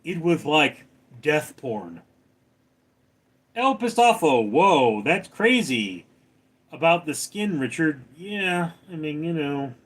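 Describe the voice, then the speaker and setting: A man's voice: fairly high pitch, sing-song, slow pace, a bit bright, husky. A man hosting a casual livestream, reading viewer comments aloud and answering them with wry jokes. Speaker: livestream host reading chat. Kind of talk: casual live chat.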